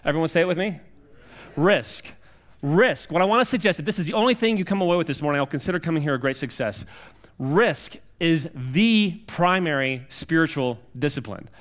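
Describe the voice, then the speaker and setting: Guy in his 40s preaching, kinda high voice, rambly and jokey, lots of um and like. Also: quick pace. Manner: chatty, self-deprecating, many restarts and fillers. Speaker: guest preacher. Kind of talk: humorous sermon. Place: church sanctuary.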